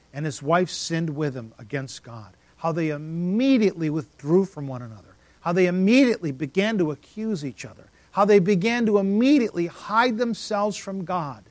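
Pastor, man, higher register, dramatic sermon delivery, dry recording. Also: no room sound. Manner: emphatic, rising and dropping to near silence for effect.

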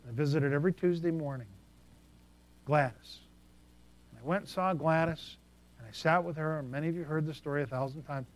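A male preacher with a slightly higher voice than most men, telling stories from the pulpit. His delivery is animated, dropping to quiet asides and then rising into loud bursts. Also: fairly quick, pauses often. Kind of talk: sermon storytelling.

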